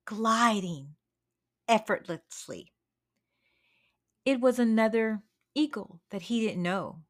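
A woman hosting an encouraging podcast, telling a story in an unhurried, dramatic way with frequent restarts. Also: fairly high pitch. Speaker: podcast host. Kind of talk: storytelling devotional talk.

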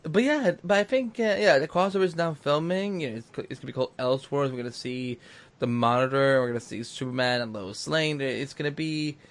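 A man's voice: medium pitch, a little fast. Guy hosting a podcast, rambly, medium voice, lots of um and like. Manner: rambling, many restarts and fillers. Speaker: podcast host. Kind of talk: casual podcast chat.

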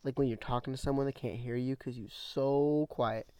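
A young man hosting a casual solo podcast from a small room at home, rambling in relaxed slang. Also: mid-range voice, moderate pace, clean tone, no room sound. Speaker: podcast host.

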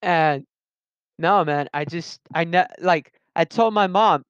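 High-voiced rambling young man. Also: slow, a bit bright, smooth, no room sound. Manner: rambling, self-interrupting, slangy. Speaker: vlogger telling personal stories. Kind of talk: rambling casual monologue. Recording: dull lo-fi sound.

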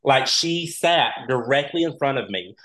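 A man telling stories as a guest in a casual chat. He talks with animated energy and laughs often. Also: mid-range voice, unhurried, low-quality recording. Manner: animated, laughs often, acts out quoted voices. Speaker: reality show contestant, podcast guest.

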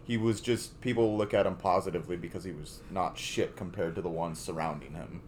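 Lower-voiced man ranting on a podcast. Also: steady tone, fairly quick, darkish tone, slight background noise. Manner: profane, opinionated, speeds up when ranting. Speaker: podcast co-host. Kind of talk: casual chat.

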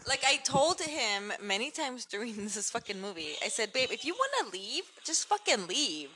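A woman's voice: a little high, sing-song, normal speed, pushed and bright, low-quality recording. Insistent woman co-host, faint hiss. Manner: firm, insistent, swears. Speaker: podcast co-host. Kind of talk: casual banter.

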